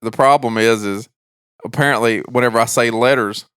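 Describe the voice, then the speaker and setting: A man with a country accent co-hosting a casual podcast, telling stories with dry, deadpan teasing. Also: medium pitch, fairly quick, clean tone, no room sound. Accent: rural country accent. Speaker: podcast co-host. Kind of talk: casual chat, storytelling.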